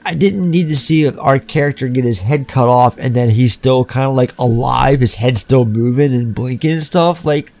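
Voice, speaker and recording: Gravelly man ranting about a film. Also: mid-range voice, moderate pace, few pauses. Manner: animated, profane, acts out scenes. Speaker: podcast co-host. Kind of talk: casual film review chat.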